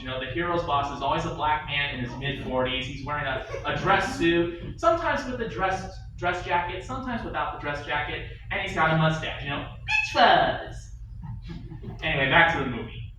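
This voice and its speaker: A stand-up comic tells a story at a bar and grill, breaking off for chatty asides to the audience. The distant mic catches the echo of the bar room and a little hiss or hum, and his fairly high voice comes across pushed and bright.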